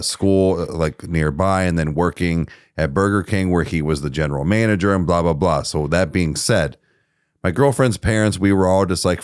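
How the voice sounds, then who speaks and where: A young man co-hosting a casual podcast, an animated storyteller who swears freely. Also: sits low, smooth, no echo, studio quality. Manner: animated storyteller, swears freely, acts out his own outbursts. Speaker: podcast co-host. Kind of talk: casual chat.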